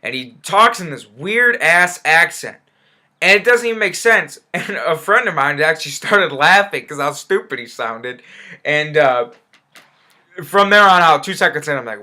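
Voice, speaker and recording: A man's voice: mid-range voice, moderate pace, pushed and bright, smooth. A young man giving a casual, rambling spoken movie review, blunt and sarcastic, swearing freely and stumbling over fillers and restarts.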